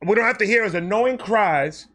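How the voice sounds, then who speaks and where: Guy doing his sisters celebrating, loud and gleeful, high pitched. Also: normal speed. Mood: gloating. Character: gloating teenage sisters, excited.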